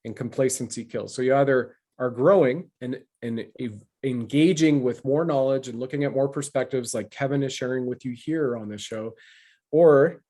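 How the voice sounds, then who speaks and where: A man's voice: mid-range voice, normal speed, dark tone. A man from Canada who hosts an interview show, talking in an emphatic, preachy way and lecturing with wordplay. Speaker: show host. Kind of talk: casual interview talk.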